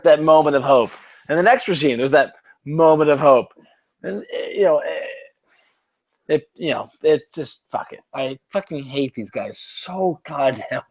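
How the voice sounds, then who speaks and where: A man co-hosts a casual sports chat while a little drunk. His voice sits somewhat high, and he rambles, swears freely and restarts his sentences over and over. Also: darkish tone. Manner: rambling, profane, many restarts. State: tipsy from drinking. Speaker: podcast co-host.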